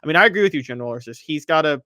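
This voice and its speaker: A man's voice: on the high side, lively intonation, racing, bright, forceful tone, dry recording, studio quality. A man hosting a sports podcast, giving opinionated commentary and talking straight to his viewers and chat.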